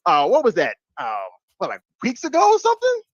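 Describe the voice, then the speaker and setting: A man's voice: very high voice, a little fast, no echo. A man ranting and laughing in casual livestream chat, his talk full of restarts and sudden bursts. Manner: animated ranting, laughs between lines. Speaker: stream panelist. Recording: muffled lo-fi audio.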